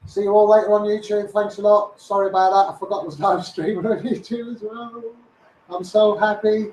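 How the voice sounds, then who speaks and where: A man with a Scouse accent, excitedly live streaming and boasting as an online campaigner. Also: high voice, brisk, echoey room, a little hiss or hum, low-quality recording. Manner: boastful, laughing, hyped up.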